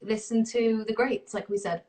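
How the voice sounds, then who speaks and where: A young woman hosts a casual phone livestream, chatting and encouraging her viewers. Her voice sits a little high, and it comes through thin and distant, as if she is set back from the mic. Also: fairly even intonation, moderate pace, a little mellow. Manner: encouraging, chatty, giggly asides. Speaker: livestream host. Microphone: phone on a video livestream.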